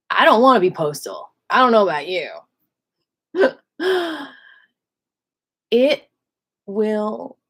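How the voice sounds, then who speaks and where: A woman's voice: on the low side, a little mellow. A woman teaching qigong in a casual spoken lesson, asking many rhetorical questions and acting out other people's voices with animation.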